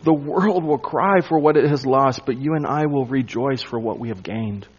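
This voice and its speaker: A man preaching an expository sermon, emphatic and dropping to a hush on key points. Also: mid-range voice, normal speed, breathy edge, muffled recording. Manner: emphatic, drops to a hush for weight. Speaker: pastor.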